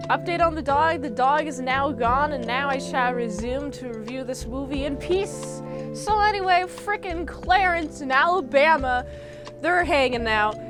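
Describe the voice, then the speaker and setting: High-voiced woman rambling through a movie recap. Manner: rambling, joking, uses slang like frickin'. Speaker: movie reviewer. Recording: music playing underneath.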